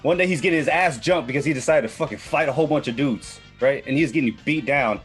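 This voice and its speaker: A man's voice: fairly high pitch, fast talker, fairly bright tone, soft background music. A man in his thirties hosting a podcast, recapping a manga in a rambling, profane way. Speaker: podcast host presenting a manga. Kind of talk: casual chat.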